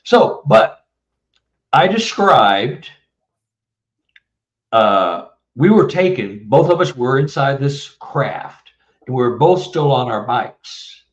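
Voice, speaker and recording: A man's voice: medium pitch, expressive, slow, long pauses. A man in his seventies from Texas, telling a long story as an interview guest, rambling and restarting often. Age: 70s. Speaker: guest author. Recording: distant, muffled, roomy mic.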